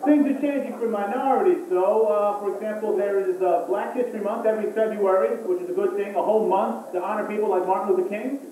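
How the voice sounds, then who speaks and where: High-voiced comedian in an echoey club. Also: male voice. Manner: hammy emcee delivery, drawn-out asides. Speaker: stand-up comedian. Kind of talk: stand-up comedy set. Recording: far-off, echoey club recording with hiss.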